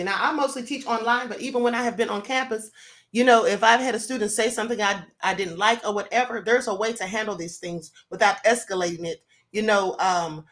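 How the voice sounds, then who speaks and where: A woman's voice: on the high side, fairly bright tone. A woman hosting her own show, giving indignant commentary full of rhetorical questions. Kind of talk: casual commentary.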